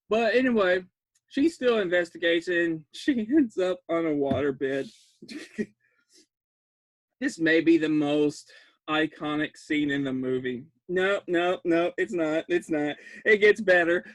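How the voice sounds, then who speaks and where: Brief: high-pitched man, dry close mic, laughs through a rambling horror-film recap. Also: slow, dry recording. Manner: rambling, laughs often, restarts words; jumps to loud disbelief. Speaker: podcast host recapping a film. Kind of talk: excited casual film recap.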